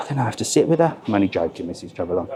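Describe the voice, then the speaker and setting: A man's voice: on the low side, big pitch swings, fast, crowd noise. A middle-aged British man filming a casual travel vlog as he walks through airport shops, joking and exclaiming at the prices. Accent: British English. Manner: chatty, jokey, exclaims at prices. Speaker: travel vlogger. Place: indoors in a large airport shopping area.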